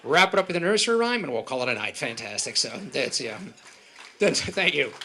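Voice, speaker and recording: A man doing stand-up comedy at a live event, quizzing the audience with rapid, animated delivery. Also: medium pitch, a little hiss or hum.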